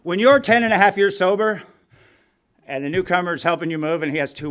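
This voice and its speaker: A man's voice: high-pitched, fairly quick, a bit bright, clean tone. A middle-aged man telling his recovery story to a meeting group in a blunt, profane, wry way. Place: meeting room.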